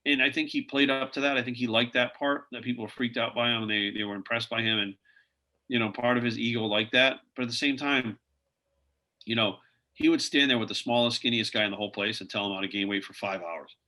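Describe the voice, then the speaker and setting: Man, podcast guest, quick talker, rambling anecdotes, lots of fillers. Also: mid-range voice, fairly even intonation, bright, forceful tone. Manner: rambling anecdotes full of "like" and "you know". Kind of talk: casual interview storytelling.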